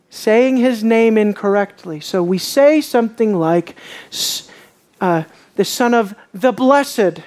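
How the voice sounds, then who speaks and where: A woman preaching a sermon, emphatic and dramatic, her voice swelling from quiet explanation up to shouting. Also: on the low side.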